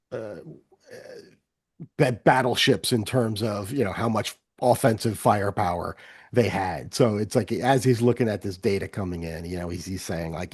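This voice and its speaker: A man narrating as game master, halting and full of fillers and restarts. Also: fairly low pitch, darkish tone, slightly rough, no room sound, clean studio sound.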